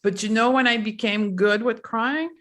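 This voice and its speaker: A woman hosting a podcast panel, steering the talk with direct questions and quick affirmations. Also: on the high side, steady tone. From Canada. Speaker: podcast host. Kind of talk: casual panel discussion.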